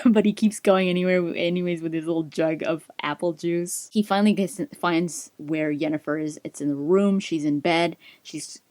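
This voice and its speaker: A woman's voice: fairly low pitch, fairly even intonation, normal speed, hardly any pauses, dark tone, no echo. A woman chatting enthusiastically as she retells a fantasy book for a gaming video, laughing along.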